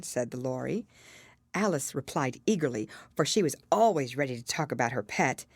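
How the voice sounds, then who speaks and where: A woman reading a classic children's story aloud as narrator, expressive and measured. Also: rumbling low, no echo. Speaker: audiobook narrator.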